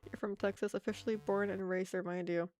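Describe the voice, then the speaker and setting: A woman's voice: medium pitch, flat delivery, a little fast, darkish tone, faint music behind. An American woman streaming her art, chatting casually with viewers in a rambling way and laughing often. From United States.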